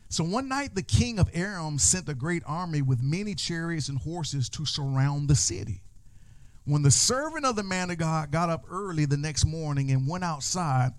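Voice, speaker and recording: Energetic higher-voiced male preacher. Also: moderate pace. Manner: energetic, call-and-response, repeats words. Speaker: pastor. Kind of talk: sermon.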